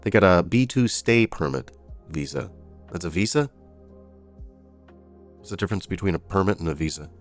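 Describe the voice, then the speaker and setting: A man's voice: deep voice, lively intonation, moderate pace, pauses often, soft background music. A man reading out daily headlines and breaking off into sarcastic, informal asides as a news commentator. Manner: reads headlines then adds sarcastic asides.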